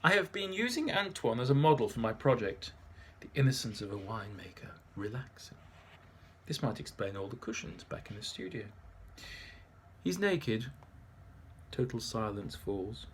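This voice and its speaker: A man's voice: fairly low pitch, lively intonation, normal speed, slight background noise. A man narrating his memoir in a dry, wry manner.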